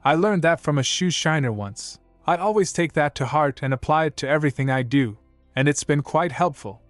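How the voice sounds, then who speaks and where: Brief: man doing an eager, polite little slum girl, pitched well up, dry close read. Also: fairly quick, no echo, faint music behind, close to an everyday voice. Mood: cheerful. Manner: bright, eager, wide-eyed. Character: poor hardworking little girl, hopeful, polite. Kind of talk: storybook recap voice acting.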